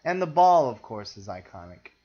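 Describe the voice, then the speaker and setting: A man's voice: mid-range voice, sing-song, moderate pace, warm tone. A man with a mid-range voice gives blunt, wry opinions and teases his co-host in a casual chat. The audio is dull and lo-fi, with a muffled home-podcast quality. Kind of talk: casual film discussion.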